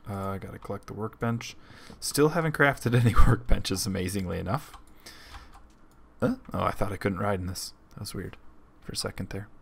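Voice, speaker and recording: Low-voiced man rambling over gameplay. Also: creaky, a bit bright. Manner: rambling, thinking aloud with many ums. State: hiccups. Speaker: let's play host. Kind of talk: casual gameplay commentary.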